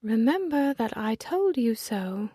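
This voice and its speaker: A woman's voice: on the high side, sing-song, unhurried, warm tone, slightly rough, no room sound, clean studio sound, pitched above the performer's own voice, full character voice. A woman voicing a cold, catty young noblewoman with a light, delicate voice, sweetly spiteful. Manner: sweetly spiteful, smiling while cutting.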